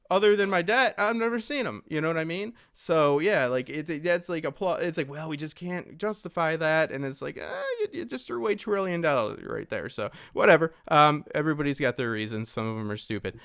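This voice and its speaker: Rambling, animated podcast host man. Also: fairly high pitch, clean tone, no room sound, studio quality. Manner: rambling, filler-heavy, animated asides. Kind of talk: casual podcast discussion.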